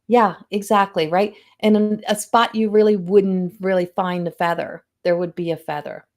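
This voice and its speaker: A woman's voice: medium pitch, normal speed. Chatty woman hosting a psychic livestream. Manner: chatty and animated, acts out quoted voices. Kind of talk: casual livestream talk.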